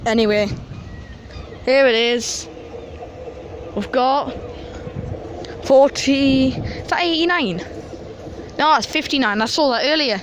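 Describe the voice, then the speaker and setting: A man's voice: very high-pitched, takes it slowly, long pauses. Chatty man vlogging on a platform. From North East England. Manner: chatty, rambling, excitable about train details. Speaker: transport vlogger. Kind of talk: casual walk-and-talk vlog commentary. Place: outdoor metro station platform. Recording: noisy outdoor station sound.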